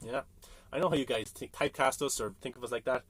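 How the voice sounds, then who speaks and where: A man's voice: medium pitch, quick pace, a bit bright, husky, no echo. An Irish man hosting a late-night livestream, chatting casually and rambling while he reads out viewer comments. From Ireland. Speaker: livestream host. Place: home at night. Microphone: phone.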